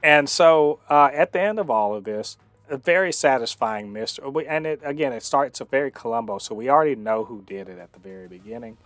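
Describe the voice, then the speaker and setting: A man hosting a casual TV review, talking with many fillers and restarts but clear enthusiasm. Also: mid-range voice, fairly quick, a bit bright, no echo, soft background music. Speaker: show host reviewing a TV episode.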